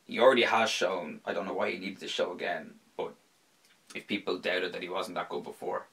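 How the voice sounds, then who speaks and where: A man's voice: low-pitched, a little fast, vocal fry, poor audio. A man hosting a podcast in casual sports chat, rambling and swearing freely. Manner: animated, slips into impressions. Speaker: podcast host.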